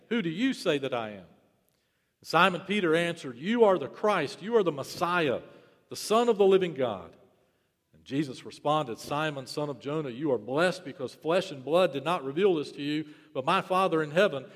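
Male pastor, sermon delivery, higher-pitched, repetitive rhetoric, reverberant hall sound. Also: animated, moderate pace, a bit bright. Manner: rhetorical repetition, swelling and dropping in volume.

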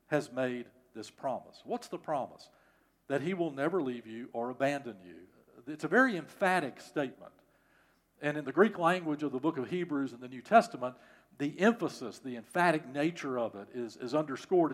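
A middle-aged male pastor preaching a sermon, emphatic and repeating key phrases for stress. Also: a little high.

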